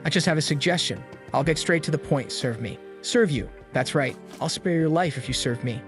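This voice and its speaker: A man's voice: a little high, a little fast, over music, close to an everyday voice. A man doing a brash, menacing gang boss. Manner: threatening, blunt. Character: violent young male gang leader, brash and menacing.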